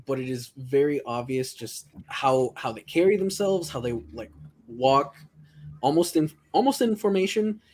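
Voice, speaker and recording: A man takes part in a tabletop role-playing game, pausing to hunt for his words. His voice sits in an ordinary middle pitch. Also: lively intonation, a little mellow, slight background noise. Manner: hesitant, searching for words. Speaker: player.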